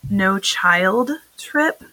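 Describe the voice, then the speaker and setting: A woman in her thirties co-hosting a podcast, telling a travel story with lively, laughing enthusiasm. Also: very slow, no echo, poor audio. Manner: animated, laughing storyteller with lively jumps in pitch. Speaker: podcast co-host. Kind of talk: casual chat.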